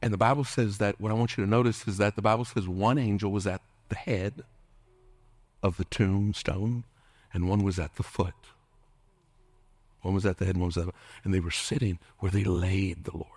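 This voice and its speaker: Middle-aged male pastor, lowish voice, dry close sound; impassioned preacher who drops into whispers. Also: fairly even intonation, normal speed, no echo. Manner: impassioned preaching, dropping at times to a hushed whisper; calls out to the congregation for responses. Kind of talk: sermon.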